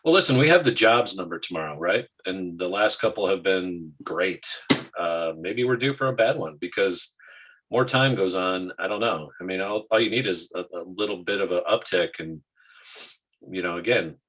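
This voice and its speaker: A man hosting a casual market talk show, animated and quick to restart his sentences. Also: deep voice, husky, rough recording.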